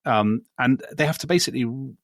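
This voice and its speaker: A man's voice: mid-range voice, brisk, dry recording, studio quality. An English man co-hosting a casual history podcast, making wry, mock-indignant jokes. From England. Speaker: podcast co-host.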